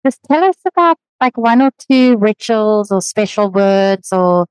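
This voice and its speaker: Smooth-voiced effusive woman host. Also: mid-range voice, lively intonation, measured pace, a little mellow, no echo, rough recording. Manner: effusive, affirming. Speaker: podcast host. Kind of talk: interview.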